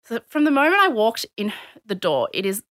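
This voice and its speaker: An Australian woman telling a story in casual chat, lively and acting out what others said. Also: fairly high pitch, fairly quick, no room sound. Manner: animated, acts out quotes of others.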